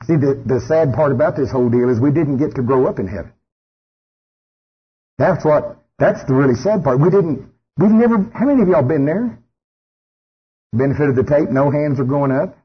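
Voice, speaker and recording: A man's voice: fairly high pitch, lively intonation, normal speed, breathy edge. A man preaching a sermon in a church, folksy and storytelling, with frequent rhetorical questions. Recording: dull lo-fi sermon tape.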